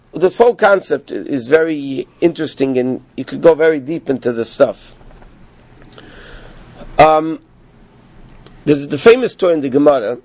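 A man teaching a Torah class, telling stories with animated emphasis and peppering his talk with Hebrew learning terms. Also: mid-range voice, dry recording, highs cut off. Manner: animated storytelling, rising with emphasis, Yiddish-inflected learning terms. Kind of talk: Torah lecture.

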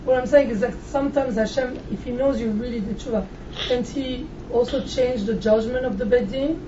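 A woman's voice: a little high, moderate pace, reverberant. Distant woman asking probing questions. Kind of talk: questioning in conversation. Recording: distant dull mic with background noise.

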